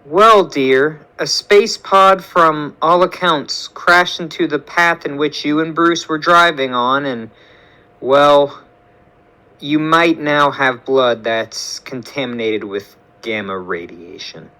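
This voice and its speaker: A man voicing a calm, caring woman scientist and mother who speaks gently and slowly. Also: fairly high pitch, exaggerated voice, rough recording. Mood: soothing.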